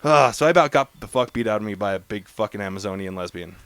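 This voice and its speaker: A man's voice: lowish voice, expressive, fast talker, a bit bright, smooth, no echo. A young man co-hosting a podcast, telling a story in casual, profane chat. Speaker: podcast co-host.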